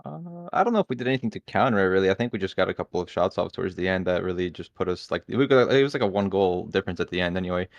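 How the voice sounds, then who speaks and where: A man's voice: low voice, lively intonation, racing, hardly any pauses, no room sound, dull audio. A man, a player being interviewed, answering in a modest, laid-back way. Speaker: esports player guest.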